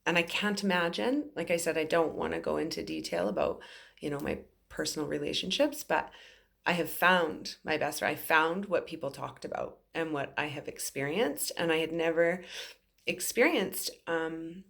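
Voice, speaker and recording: A woman's voice: low-pitched, normal speed, gravelly, a bit bright. A woman in her forties, a psychic medium, telling an emotional story to camera in an earnest, rambling way with many fillers. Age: 40s.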